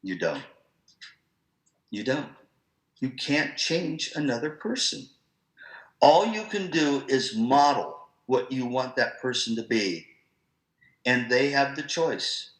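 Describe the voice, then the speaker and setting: A man gives an online professional-development talk for music teachers, telling stories in a lively, conversational way. His pitch is medium and his pace slow, and the poor audio sounds roomy.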